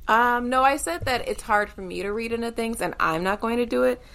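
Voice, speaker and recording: A woman's voice: fairly high pitch, fairly quick, a bit bright. Blunt, emphatic woman podcast co-host. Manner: blunt, emphatic, swears freely. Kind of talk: casual chat.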